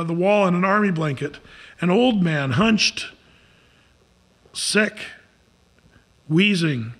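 A man's voice: high voice, a bit bright. A man telling a story aloud in an earnest way, with small slips and restarts along the way.

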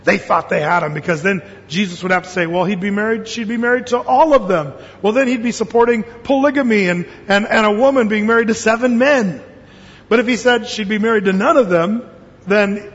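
A man's voice: high-pitched, long reverb tail, muffled recording. A male pastor preaching a sermon in a folksy, joking storytelling manner. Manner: folksy storytelling with jokes and quoted voices.

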